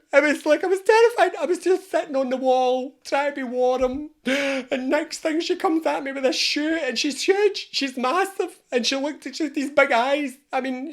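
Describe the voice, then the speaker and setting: A man's voice: extremely high pitch, pitched above the performer's own voice. A man voicing a frightened little house spider telling its support group, in a panicky, breathless way.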